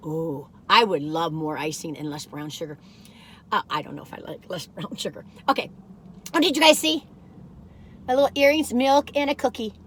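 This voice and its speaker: A woman chatting casually as she reviews food, rambling and digressive, gushing with excitement and laughing often. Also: on the low side, normal speed, slight background noise. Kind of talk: casual chat.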